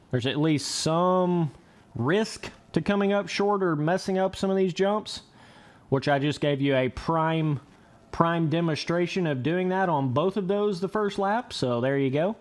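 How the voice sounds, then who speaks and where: A young man giving casual, excitable commentary over motocross gameplay, laughing and trash-talking as he rides. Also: fairly high pitch. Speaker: gaming commentator.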